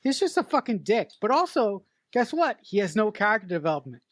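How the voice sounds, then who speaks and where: A podcast co-host, a woman with a medium-pitched voice, tears into a movie during casual chat, emphatic and swearing freely. She's very animated and talks a little fast, and the recording is dry.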